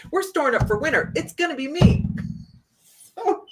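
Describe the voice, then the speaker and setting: A woman from Ohio, a psychic host telling viewers a story in a casual way, animated and laughing often. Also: high-pitched, moderate pace, noisy background.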